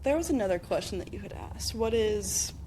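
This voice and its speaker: A woman in her thirties hosting a podcast, chatting casually and telling animated stories with acted-out quotes and frequent laughter. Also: mid-range voice, brisk, a little hiss or hum. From upstate New York. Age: 30s. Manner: animated storyteller, acts out quotes, laughs often. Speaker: podcast host. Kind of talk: casual chat.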